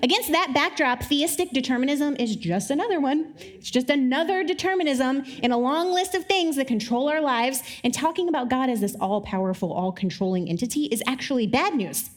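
A woman giving a conversational sermon to a live audience, wry and joking, with quick asides. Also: high-pitched, animated. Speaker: speaker. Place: live talk before an audience.

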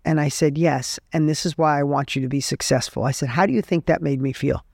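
A man's voice: a little high, a little fast, vocal fry, a little mellow, dry recording, studio quality. A middle-aged man giving an earnest, emphatic motivational talk as a podcast host, telling stories to make his points. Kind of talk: motivational monologue.

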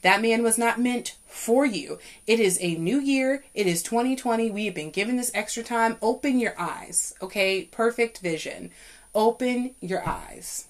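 A woman's voice: moderate pace, few pauses. Fired-up young woman preaching faith advice. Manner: preachy, emphatic, swings loud and high when fired up. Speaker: podcast host. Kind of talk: faith-based motivational talk.

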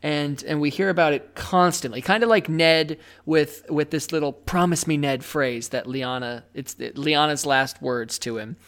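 A woman's voice: low voice, steady tone, moderate pace, few pauses. A woman co-hosting a podcast in casual chat, chatty and self-deprecating, laughing often. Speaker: podcast co-host.

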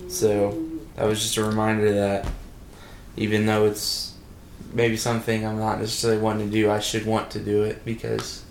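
A man's voice: fairly low pitch, gravelly, echoey room, slight background noise. A man co-hosting a casual podcast, dropping dry one-liners and sharing a church reflection. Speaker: podcast co-host. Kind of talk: casual chat.

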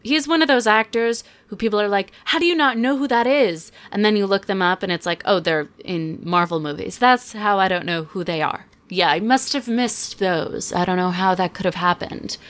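A young woman hosting a podcast, chatting casually and sarcastically about a movie with quick asides. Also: medium pitch, expressive, fairly bright tone. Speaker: podcast host. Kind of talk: casual chat, movie review.

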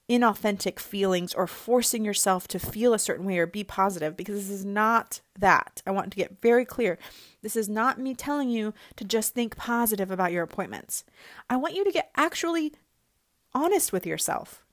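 A woman's voice: medium pitch, fairly bright tone, dry recording, studio quality. A woman coach speaking in a conversational, encouraging coaching monologue, with frequent casual fillers.

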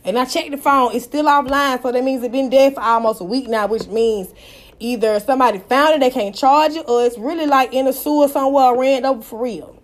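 Woman, young adult, high voice, animated, profane, casual storytime vlog. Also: fairly quick. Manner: animated, profane, exclaiming praise. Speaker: vlogger.

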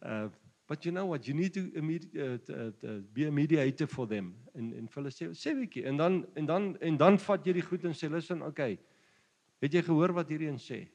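A man's voice: a little high, lively intonation, fast talker, a little mellow. A South African man preaches in a light, raised voice, trading jokes and laughing as he mixes two languages. His words ring out with a long hall reverb behind them. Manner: switches between Afrikaans and English, jokey, laughs often. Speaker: pastor. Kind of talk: sermon.

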